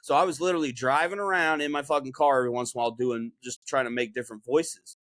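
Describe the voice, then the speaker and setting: A man's voice: medium pitch, steady tone, fast talker, fairly bright tone, dry recording. Man, podcast host, rambling casual talk, lots of swearing, dry close sound. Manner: rambling, heavily profane. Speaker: podcast host and game streamer.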